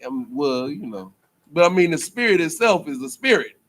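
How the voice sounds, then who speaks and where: A man's voice: fairly high pitch, very animated, moderate pace, fairly bright tone. A man preaching in casual banter, joking and laughing often, repeating himself and restarting mid-phrase. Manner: loose, joking, laughs often, trails off into fillers. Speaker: teacher at a religious school.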